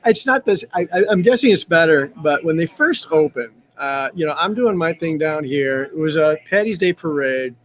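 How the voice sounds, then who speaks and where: A man's voice: fairly high pitch, moderate pace, few pauses, a little hiss or hum. A man who runs a pub, telling stories in a casual chat and acting out the people in them. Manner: storytelling, animated, acts out quotes. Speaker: bar owner.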